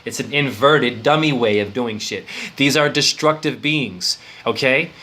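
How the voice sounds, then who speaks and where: A man giving an improvised esoteric lecture as a spiritual teacher, rambling, excitable and profane. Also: medium pitch, unhurried.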